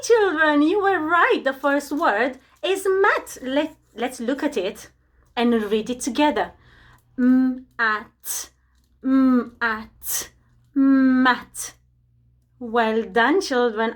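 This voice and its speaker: A woman teaching preschool children, gentle and encouraging as she leads a reading game. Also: sits high, lively intonation, unhurried. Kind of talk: children's lesson.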